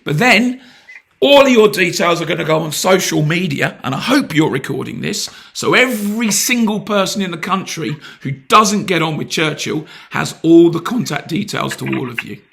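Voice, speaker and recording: A man's voice: on the high side, expressive, moderate pace, creaky, hardly any pauses, fairly bright tone. A British man making a heated, blunt complaint on a phone call, pressing and sarcastic. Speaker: complaining customer.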